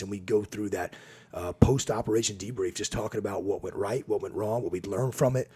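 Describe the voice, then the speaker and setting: A man with a rough, husky voice, sitting low in pitch, recounts old team stories for a podcast. He slips into quoted voices and laughs as he goes, animated in his telling. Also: quick pace. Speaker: podcast guest. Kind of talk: casual storytelling conversation.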